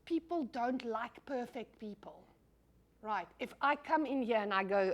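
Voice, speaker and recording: A middle-aged woman lectures a class in a high, bright voice at normal speed. Animated and direct with the room, she fires questions at the audience and drops casual swear words.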